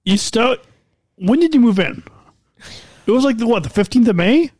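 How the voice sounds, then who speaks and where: A man's voice: very high voice, animated, normal speed, a little mellow, no room sound. A man co-hosting a podcast in casual chat, playful and teasing, often cutting in. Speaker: podcast co-host. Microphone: studio mic.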